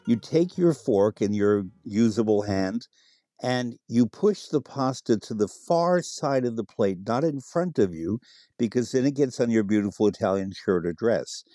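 Enthusiastic low-voiced male food expert. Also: expressive, unhurried, warm tone, no echo, clean studio sound, soft background music. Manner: enthusiastic, explains and spells out words. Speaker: guest expert on Italian food. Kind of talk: radio interview.

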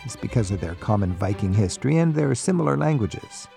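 A man's voice: on the low side, lively intonation, brisk, creaky, dark tone, soft background music. A man hosting a radio talk show, asking questions in a jovial, inquisitive way. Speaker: radio host.

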